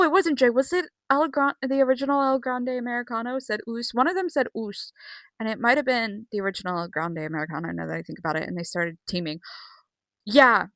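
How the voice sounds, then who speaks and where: A girl rambling through an excited, sweary recap vlog with many fillers. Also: fairly high pitch, no echo. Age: young. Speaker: vlogger.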